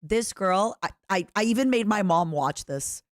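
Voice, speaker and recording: A young woman streaming casually from home, gushing and quick to laugh as she reacts to videos and chats with her viewers. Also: mid-range voice, lively intonation, dry recording, clean studio sound.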